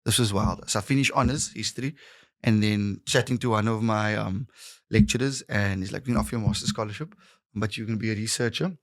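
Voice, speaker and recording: A man's voice: lowish voice, fast. A man in his thirties with a Cape Town South African accent, a comedian telling stories on a podcast and acting out the voices of the people in them. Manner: animated storyteller acting out voices, bursts of laughter and shouts. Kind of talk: casual storytelling conversation.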